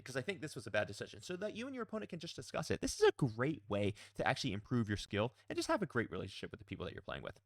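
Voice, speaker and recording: Blunt, lively-voiced man giving game advice. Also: medium pitch, racing, few pauses, no room sound. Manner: blunt, emphatic, mildly profane. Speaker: pro player and coach. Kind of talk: casual advice video.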